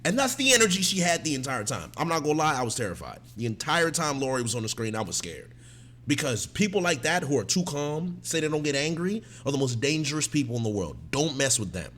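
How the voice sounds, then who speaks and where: Animated man reacting to a TV episode. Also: on the high side, fast, slight background noise. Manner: animated and emphatic, often slipping into mocking impressions. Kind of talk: casual TV reaction commentary.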